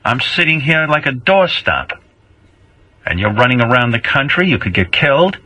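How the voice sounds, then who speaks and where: A man's voice: mid-range voice, very animated, moderate pace, sharp tone, voice pushed up, low-quality recording. A man playing a nagging, guilt-tripping older mother who acts like a martyr, whining and repeating the same complaints in a comic improvised bit. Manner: whiny, theatrical, repeats complaints.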